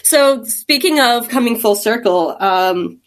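A woman's voice: a little high, animated, slow. A woman from Texas, a caver, telling stories in a rambling, chatty way during a casual interview, laughing often. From Texas, USA. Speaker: guest caver.

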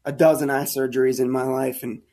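A man telling a caving story as a podcast guest, casual and animated, acting out the lines of people in it. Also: medium pitch, brisk, vocal fry. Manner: animated, acts out quoted dialogue. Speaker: guest, caver.

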